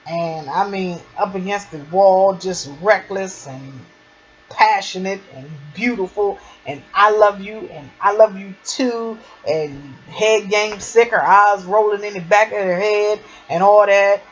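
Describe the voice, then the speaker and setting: At a measured pace and medium pitch, a woman chats excitedly about a TV drama episode, retelling its scenes like an enthusiastic fan. The audio is muffled and lo-fi, carrying a faint hiss.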